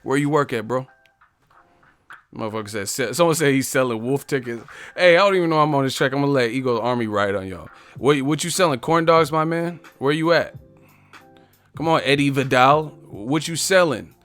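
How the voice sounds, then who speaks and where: A man's voice: mid-range voice, normal speed, fairly bright tone, faint music behind. A man hosting a live stream, confrontational and profane as he roasts the commenters in his chat. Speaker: livestream host.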